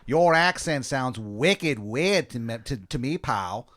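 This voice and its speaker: A man voicing suspicious colonial Boston men in a deliberately bad fake Boston accent, opening lines with a hesitant "er, uh" and drawing the words out slowly. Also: medium pitch, lively intonation, a bit bright. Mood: gruff, suspicious. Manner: hesitant "er, uh" openings, slow drawl. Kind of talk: improvised comedy podcast bit.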